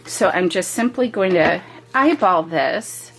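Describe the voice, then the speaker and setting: A woman's voice: fairly low pitch, lively intonation, slow pace, fairly bright tone, low-quality recording. A woman hosting a home craft video, talking through a stamping project step by step with chatty, homey asides. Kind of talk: casual step-by-step craft demo.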